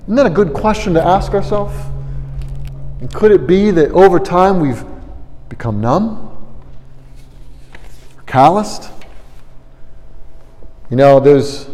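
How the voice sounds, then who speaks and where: A man preaching a sermon, earnest, his voice swelling loud on emphatic lines and then dropping low. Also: big-room sound, low-quality recording. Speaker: pastor.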